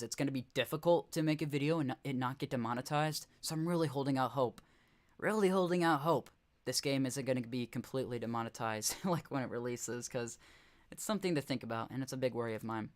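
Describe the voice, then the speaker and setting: A young man casually commenting on game footage during a live stream, rambling and correcting himself with chuckling asides. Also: mid-range voice.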